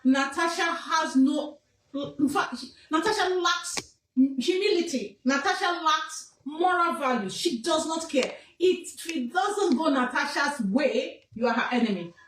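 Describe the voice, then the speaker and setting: A woman's voice: sits high, expressive, unhurried, a bit bright, roomy sound, distant mic, a little hiss or hum, low-quality recording. A Nigerian woman from the southwest, a king's advisor, giving an emphatic, scolding statement and repeating phrases for weight. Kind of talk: emphatic personal statement to camera.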